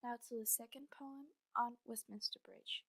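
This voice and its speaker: A woman student presenting an analysis of a poem, hesitant, with pauses and fillers. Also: on the high side, steady tone, a bit bright. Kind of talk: spoken poetry analysis.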